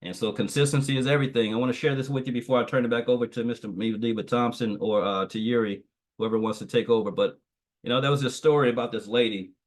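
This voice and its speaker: Guy preaching about consistency on a video call, repeats himself a lot, middle pitch. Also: steady tone, quick pace. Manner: preachy, repeats phrases, tells a parable. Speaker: guest trainer. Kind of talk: motivational training talk.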